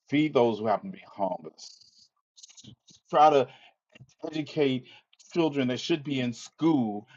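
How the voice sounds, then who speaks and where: With a fairly high pitch and a darkish tone, a man hosts a live stream and vents his exasperation in an impassioned monologue. He swears, stammers and repeats himself, and the sound is lo-fi.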